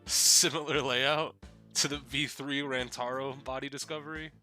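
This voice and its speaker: A man chatting casually over his gameplay, wry and quick to swear. His voice sits at an everyday middle pitch. Game music plays clearly behind him. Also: fairly even intonation, bright, forceful tone. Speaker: streamer. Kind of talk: casual let's-play commentary.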